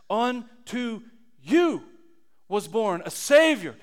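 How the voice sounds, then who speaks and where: Male pastor, 30s, high clean voice, lively sermon delivery with loud and hushed swings. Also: slow, smooth. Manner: animated, swings from loud emphasis to quiet low asides.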